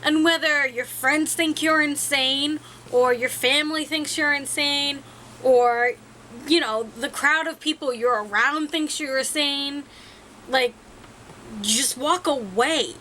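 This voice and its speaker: A woman's voice: high-pitched, slow pace, pushed and bright, a little hiss or hum, rough recording. A young woman talking frankly to the camera in a rambling, self-mocking way. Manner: rambling, frank, laughs at herself. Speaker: vlogger. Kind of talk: casual talk to camera.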